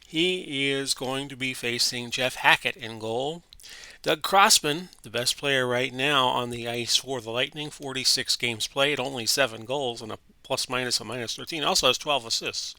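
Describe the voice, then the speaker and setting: A man's voice: mid-range voice, moderate pace, pushed and bright, no echo. A man with a Florida accent casually walking through hockey simulation stats, chatty and correcting himself as he reads. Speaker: host of sports simulation channel. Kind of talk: casual play-by-play of a simulation game.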